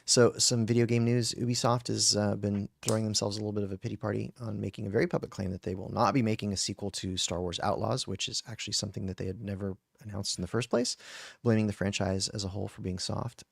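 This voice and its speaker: Guy reading podcast news off his notes, low gravelly voice, ums and restarts, dry sound. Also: steady tone, quick pace, hardly any pauses, no echo. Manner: reads from notes with fillers and restarts. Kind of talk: casual news roundup.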